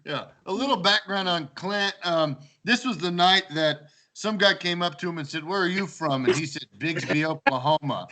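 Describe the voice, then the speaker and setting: A man telling old house-party stories in a casual chat, animated, acting out quoted lines and laughing often. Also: fairly high pitch, normal speed, hardly any pauses, background noise. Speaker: storyteller among old housemates.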